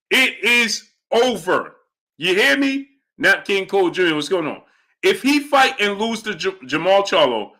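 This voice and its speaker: Young guy w hosting a boxing livestream, bright punchy voice, keeps repeating himself for emphasis. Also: a little high. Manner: animated, emphatic, repeats lines for effect. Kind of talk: live stream chat, reading Super Chats.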